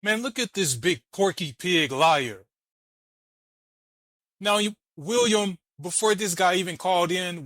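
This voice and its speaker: A man's voice: on the high side, sharp tone, dry recording, rough recording. A man hosting a reaction video, arguing and mocking while he explains letter by letter. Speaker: channel host reacting to a debate clip. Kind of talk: argumentative commentary.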